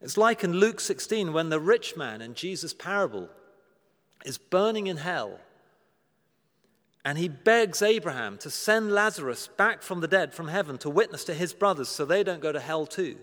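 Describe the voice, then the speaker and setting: A man preaching a sermon, earnest and emphatic, slowing down to stress key words and asking rhetorical questions with dry humor. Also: fairly high pitch, animated, fairly bright tone. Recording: long reverb of a large hall.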